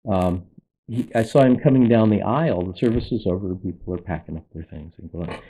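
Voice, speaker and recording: A pastor telling a church story in conversation, in a measured way, stopping to explain details along the way. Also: male voice, deep voice, warm tone, low-quality recording. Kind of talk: casual storytelling.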